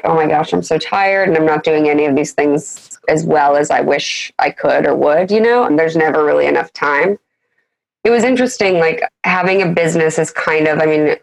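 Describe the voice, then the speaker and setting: A woman in her thirties, a business founder as a guest, talking candidly and haltingly in casual interview chat. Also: low voice, creaky, rough recording. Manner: candid, halting, many fillers and restarts.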